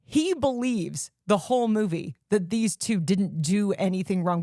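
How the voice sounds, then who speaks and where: A woman's voice: mid-range voice, unhurried, no echo, studio quality. Casual woman podcast co-host. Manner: animated, laughs often, swears casually. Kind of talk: casual chat.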